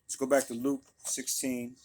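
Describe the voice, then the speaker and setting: A man's voice: mid-range voice, completely flat delivery, normal speed, a little mellow. A man leading a casual Bible study, reading scripture aloud and then explaining it in loose, conversational talk, often checking in with his listeners. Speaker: Bible teacher.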